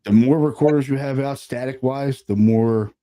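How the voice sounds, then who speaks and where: Very dark-voiced laid-back man. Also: mid-range voice, moderate pace. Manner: laid-back, peppers talk with "you know what I mean" and "man". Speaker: paranormal investigator. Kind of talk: casual chat.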